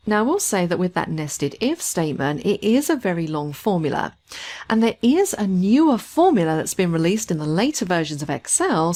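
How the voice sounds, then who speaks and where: A woman instructor talking through a spreadsheet tutorial step by step in a clear, methodical way. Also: lowish voice, a little mellow. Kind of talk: screen-recorded software tutorial.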